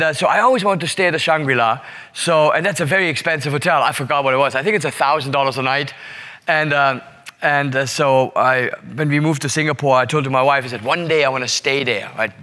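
A man telling a story to an audience in an animated way, full of rhetorical asides. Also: a little high. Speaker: speaker. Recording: long hall reverb.

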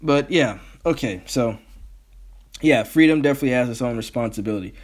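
A man's voice: mid-range voice, brisk. A man hosting his own podcast, ranting in a heated, profane, rambling way. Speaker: podcast host. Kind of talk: solo podcast rant.

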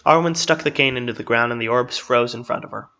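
A man reading a story aloud in steady, measured narration. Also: mid-range voice. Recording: slightly dull, lo-fi.

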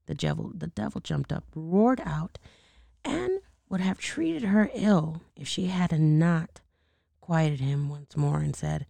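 A hoarse woman reading a bedtime story aloud in a slow, measured way, dropping into hushed asides. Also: sits low, lively intonation, no echo.

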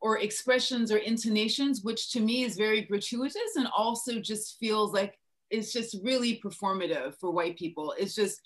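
A woman's voice: medium pitch, moderate pace. Blunt, emphatic woman from Côte d'Ivoire. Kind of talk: casual podcast discussion.

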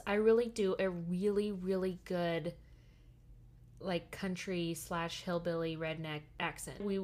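A woman with a Midwestern American accent, co-hosting a casual podcast in an easygoing, agreeable way. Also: mid-range voice. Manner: easygoing, brief agreeing replies. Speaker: podcast co-host.

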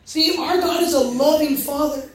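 A woman with a high voice speaks at a normal pace while preaching in a church hall. Her sermon is animated storytelling where she acts out the quoted voices, and the space sounds echoey.

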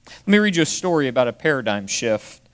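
A man preaching a sermon to his congregation, speaking straight to them and swinging from raised, emphatic phrases to slow, hushed ones. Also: medium pitch, very animated. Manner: addresses the congregation directly. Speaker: pastor.

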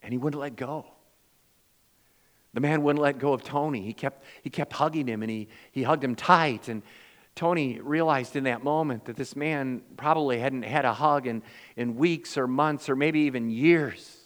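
A male pastor delivering a sermon, swinging from loud, emphatic lines to hushed, quiet ones, and acting out the voices in his stories. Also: medium pitch, normal speed, big-room sound. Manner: acts out quoted voices in storytelling.

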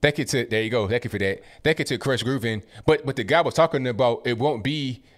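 Young guy hosting a stream, reading chat messages, quick offhand comebacks, desk mic, normal mid voice. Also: medium pitch. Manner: casual, quick asides after each message. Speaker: political commentary host reading viewer messages.

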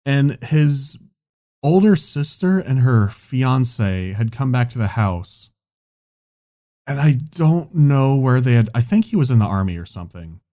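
A man's voice: mid-range voice, very animated, a little slow, dark tone. A man telling a long casual anecdote, rambling with lots of "like" and swearing. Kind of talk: casual chat.

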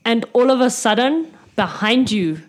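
A woman running a tabletop game as game master, narrating scenes in a slow, deliberate way. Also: fairly high pitch, animated.

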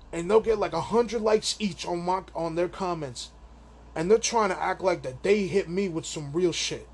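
A man's voice: high voice, slight background noise. A man hosting a solo podcast, venting in a crude, rambling, profane rant, an amateur stand-up comic. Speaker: podcast host.

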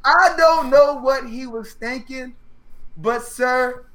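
Slow-talking animated man, sports chat. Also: extremely high pitch. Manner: animated storytelling, acts out players' reactions; laughs often. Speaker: sports podcast co-host.

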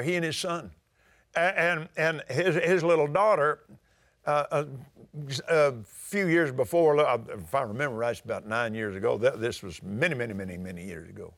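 An older man with a drawl preaches a sermon in a folksy, story-telling manner. His voice sits high for a man, and he now and then climbs into ringing shouts.

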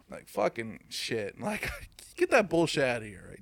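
A man's voice: medium pitch, a little slow, gravelly, no echo, studio quality. A man in casual chat who swears freely, laughs often and mocks things in put-on voices. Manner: animated and profane, laughs often; slips into mocking voices to make a point.

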